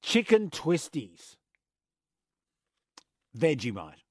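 A man's voice: fairly high pitch, very animated, drawn-out words, a little mellow, dry recording, studio quality. A man with an Australian accent hosting a radio show, chatting casually and playfully. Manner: playful, enthusiastic, musing aloud. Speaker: radio host. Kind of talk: casual on-air chat.

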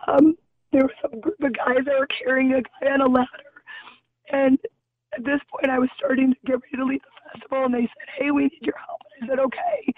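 A shaken woman caller, her voice going hoarse, telling her account in halting phrases with many restarts from a car on her way home. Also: sits high, lively intonation. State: losing voice. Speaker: caller, festival bartender. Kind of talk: emotional phone-in account. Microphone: phone. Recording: tinny phone line.

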